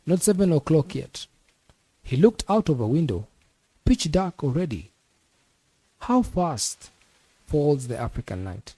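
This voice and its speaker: A man, a teacher, reading a novel aloud as an audiobook in a measured storytelling manner. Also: on the high side, big pitch swings, warm tone, no room sound. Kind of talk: audiobook narration.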